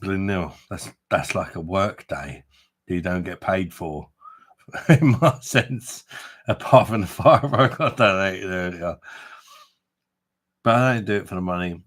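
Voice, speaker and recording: A man's voice: deep voice, a little slow, fairly bright tone. A man hosting a late-night beer review live stream, chatty and tipsy, full of banter and casual swearing. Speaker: beer review livestream host.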